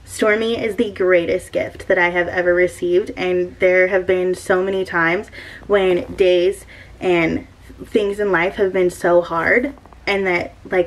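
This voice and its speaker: A woman's voice: lowish voice, steady tone, a little slow, low-quality recording. A young woman, vlogging about her cat in an emotional, gushing way, with many filler words. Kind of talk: casual personal vlog.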